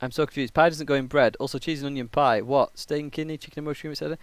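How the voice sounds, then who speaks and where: A man's voice: on the high side, fairly even intonation, very fast, dry recording. A man from England, a casual and jokey game streamer, chatting on a live stream and rambling with many fillers.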